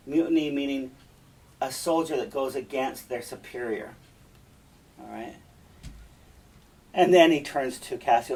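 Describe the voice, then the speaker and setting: A male teacher walks students through a play in a relaxed, chatty way, dropping asides to them. His voice sits back from the microphone in a mid-range pitch. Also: unhurried, long pauses, distant mic, rough recording. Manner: casual, chatty explaining with asides.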